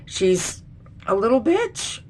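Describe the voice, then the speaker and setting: A woman's voice: on the high side, very animated, takes it slowly, a little hiss or hum. A middle-aged woman vlogger ranting bluntly and with lots of swearing in a casual commentary. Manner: blunt, profane, indignant.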